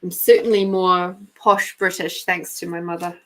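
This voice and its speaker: A woman from New Zealand with a New Zealand accent, hosting a live stream and chatting casually with viewers, unhurried and quick to laugh. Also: lowish voice, level tone, fairly bright tone. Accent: New Zealand, softened by years in South Australia. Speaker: podcast host and intuitive reader.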